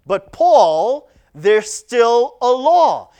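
An animated preacher delivering a sermon, with a voice that rises and falls widely for emphasis. Key lines are stressed and repeated, the delivery swinging between loud exhortation and quieter storytelling. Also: medium pitch, measured pace.

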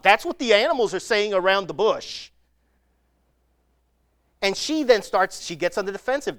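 A preacher giving a sermon, retelling scripture stories in an animated way and acting out the people in them. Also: medium pitch, unhurried, no room sound, clean studio sound. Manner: animated storytelling, acting out the scenes.

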